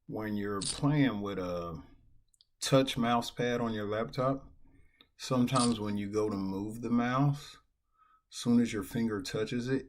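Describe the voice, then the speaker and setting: A man streaming online poker, talking casually and venting with a lot of swearing. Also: lowish voice. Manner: profane, venting. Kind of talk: casual live-stream commentary while playing. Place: at a computer, indoors.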